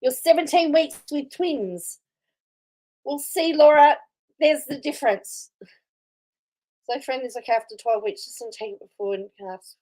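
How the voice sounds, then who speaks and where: Chatty woman commenting live, higher voice. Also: normal speed, long pauses, darkish tone, rough recording. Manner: chatty, reads viewer comments aloud and laughs often. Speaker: commentary host reacting to a video.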